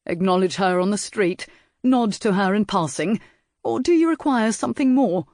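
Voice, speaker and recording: A man's voice: high voice, lively intonation, normal speed, a little mellow, dry recording, clean studio sound, pitched above the performer's own voice. A man doing a cold, snide nobleman. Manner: clipped, snide.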